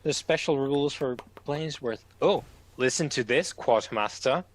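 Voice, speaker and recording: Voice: medium pitch, a little slow. A game master, casually explaining the game's rules and laughing often. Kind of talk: casual tabletop game chat.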